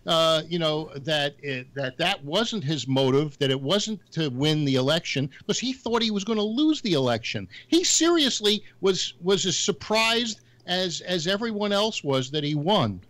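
A man's voice: on the high side, very animated, normal speed, hardly any pauses, fairly bright tone, dry recording. A man on a talk show panel, arguing politics in a rambling, joking way full of fillers. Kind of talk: heated political argument.

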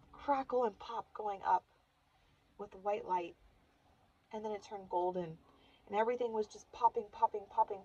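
A woman recounts a personal experience in a loose, chatty monologue. She acts out the lines she quotes and drops to near whispers before jumping back loud. Her voice sits at a middle pitch, and the recording is a little dull and lo-fi. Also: breathy edge. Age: adult with children. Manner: animated, acts out quotes with big swings in loudness. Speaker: vlogger recounting a retreat. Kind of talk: casual storytelling monologue.

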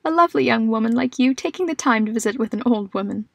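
Woman doing sweet chatty old lady, kinda high and thin, frail. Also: animated, quick pace, vocal fry, no room sound, studio quality. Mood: fond. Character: frail doting elderly woman neighbor.

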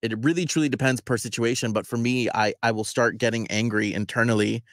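A man co-hosting a radio show, explaining himself in a measured, thoughtful, somewhat hesitant way. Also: medium pitch, steady tone, no echo, studio quality. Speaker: radio co-host. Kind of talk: casual chat.

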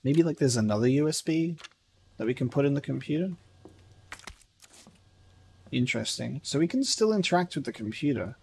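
With an animated, gravelly mid-range voice, a man streams a horror game and keeps up casual commentary at normal speed, pausing often. He reads in-game letters aloud, swears frequently, and laughs and shouts at the frights, over a faint hiss or hum.

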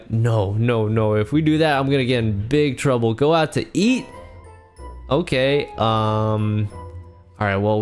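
A young man narrates his Minecraft roleplay in a chatty, animated way. His pitch swings widely, from mid-range talk up to panicky high yelps. Faint music plays under his voice. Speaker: YouTube roleplay host.

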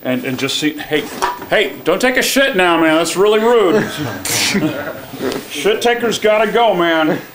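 Before a live audience in a small venue, a performance artist gives a rambling, jokey piece, laughing and leading the crowd in chants. His voice is a little high and sing-song, and he takes it slowly. The room is loud with the crowd.

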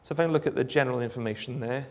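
A Welsh man giving a live demonstration of a phone app, explaining in a relaxed way with frequent ums. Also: medium pitch, very fast. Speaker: app developer giving a presentation. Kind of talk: live product demo talk.

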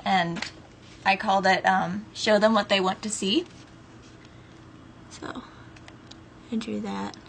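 A tired woman talks casually to her camera from her bedroom, wandering from one thought to the next. Her voice sits at a middle pitch and is packed with "like" and "um". A faint hiss runs under the recording. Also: fairly even intonation, takes it slowly, gravelly, long pauses. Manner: rambling, lots of "like" and "um" fillers. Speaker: vlogger.

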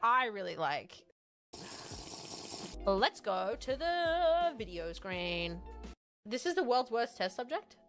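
An Australian woman livestreams in a rambling, excitable way, swearing freely and talking straight to her chat. Her voice sits a little high and sounds bright. Her pitch swings up and down a lot. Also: slow pace, long pauses, faint music behind.

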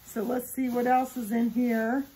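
A woman filming a casual unboxing vlog, gushing and giggling excitedly as she talks. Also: on the high side, moderate pace, husky, low-quality recording. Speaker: vlogger unboxing a subscription box.

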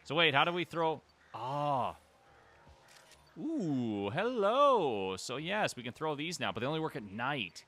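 With a slightly high voice at a moderate pace, this gaming channel host keeps up chatty play-along commentary. He talks directly to on-screen creatures and erupts in excited exclamations.

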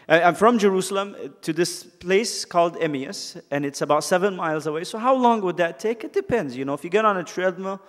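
A man teaching a youth Bible study, telling stories in a lively way and acting out characters in quick asides. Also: fairly high pitch, long reverb tail. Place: church hall.

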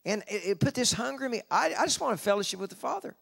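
A man preaching a sermon at a convention, slowing down for scripture and rising in pitch to stress his points. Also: animated, gravelly, a bit bright, breathy edge. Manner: slows down to read scripture, rises in pitch for emphasis. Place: convention hall.

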